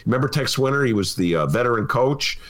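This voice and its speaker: A man, co-hosting a casual political talk show, animated and quick to laugh. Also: mid-range voice. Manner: animated, laughing, mimics people mid-story. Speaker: co-host, columnist.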